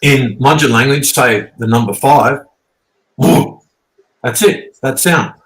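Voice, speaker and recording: A man's voice: mid-range voice, slow pace, a bit bright. A man, rambling and swearing as he explains things casually, often checking in with "okay?". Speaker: guest teacher. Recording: roomy echo.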